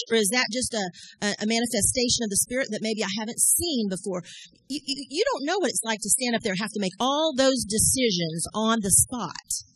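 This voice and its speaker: A middle-aged woman preaching to her congregation, chatty and animated, firing questions at the listeners. Her voice sits a little high and carries a husky, breathy edge, heard dry and close with no room around it. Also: no echo, rough recording. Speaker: church leader addressing congregation. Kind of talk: sermon.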